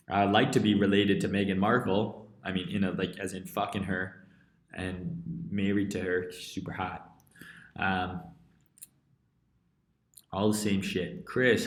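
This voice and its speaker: A man's voice: on the low side, a bit bright, roomy sound. Profane, blunt Canadian man streaming. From rural interior British Columbia, Canada. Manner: blunt and profane, heavy swearing. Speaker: crypto trading live streamer. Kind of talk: casual live-stream rant, reading chat.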